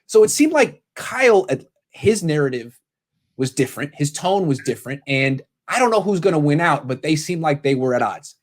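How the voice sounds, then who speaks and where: Animated man talking football. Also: on the high side, moderate pace. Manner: animated, quotes people in paraphrase. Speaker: sports podcast host. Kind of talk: casual sports talk.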